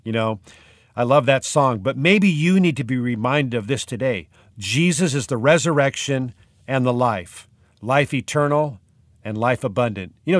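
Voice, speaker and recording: A man preaching a sermon, reading scripture aloud with slow, earnest emphasis and talking in a conversational way between passages. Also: medium pitch, no room sound, clean studio sound. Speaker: pastor.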